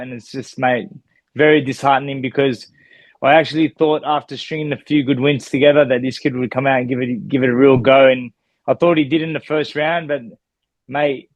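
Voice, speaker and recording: A man's voice: mid-range voice, no room sound. An Australian man, a former boxer, giving a heated, emphatic reaction in an interview. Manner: indignant, emphatic, keeps repeating "mate". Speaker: former boxing world champion, guest.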